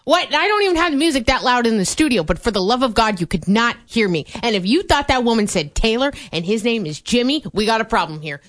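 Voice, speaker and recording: Teasing young woman on radio, bright-ish voice. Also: a little high, fast, hardly any pauses, no room sound, clean studio sound. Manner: animated, teasing, laughs often. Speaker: radio co-host. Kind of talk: casual radio chat.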